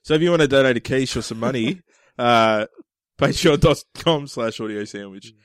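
A man's voice: medium pitch, moderate pace, no room sound, studio quality. A man co-hosting a podcast in casual banter, joking and laughing often and breaking into silly singing. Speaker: podcast co-host.

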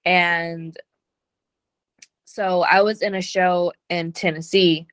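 A woman's voice: on the low side, level tone, takes it slowly, a bit bright, clean tone, no room sound. A woman wrestler, a guest on a podcast, answering questions hesitantly with many "um" and "like". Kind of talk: interview answers.

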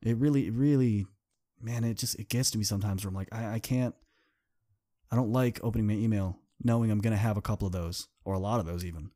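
A man's voice: fairly low pitch, fast, warm tone. Man, young adult, podcast host, motivational monologue, earnest, impassioned repetition.

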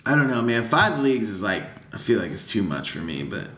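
A man chatting casually about football on a podcast, animated, swearing and venting. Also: on the low side, fairly quick. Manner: animated, swears, vents and laughs. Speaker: podcast co-host. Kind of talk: casual sports chat. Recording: echoey room.

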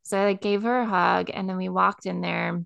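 A woman's voice: lowish voice, steady tone, normal speed, creaky, a bit bright, smooth, no echo, muffled recording. A woman co-hosting a podcast, telling a personal story in casual chat, filling her speech with "like" and getting emotional. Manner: filler-heavy, says "like" constantly, emotional. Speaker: podcast co-host.

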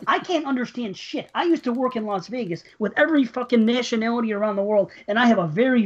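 A woman's voice: medium pitch, slightly rough, muffled recording. A woman co-hosting a podcast in casual chat, swearing freely and ranting in exasperation. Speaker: podcast co-host.

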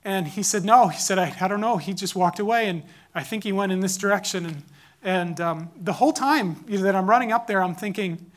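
A man in his thirties telling a personal story, growing loud and urgent as it builds. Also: high voice, a little fast.

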